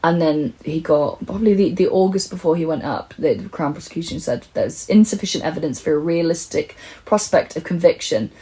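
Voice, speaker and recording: A woman's voice: deep voice, brisk, hardly any pauses, dark tone, low-quality recording. A British woman co-hosting a comedy true crime podcast, retelling events in casual chat and swearing freely with outraged emphasis.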